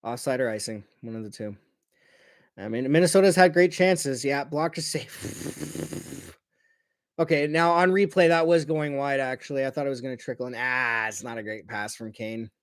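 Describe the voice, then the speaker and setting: A man calls a hockey game as a fan at home, loud and profane when he gets worked up and muttering when he calms down. His voice sits in a middle pitch, recorded dry and close on his own mic. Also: moderate pace, clear, resonant tone, no room sound. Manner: ranting, profane, swings from shouting to muttering. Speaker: fan commentator. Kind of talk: fan watch-along commentary. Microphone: personal mic.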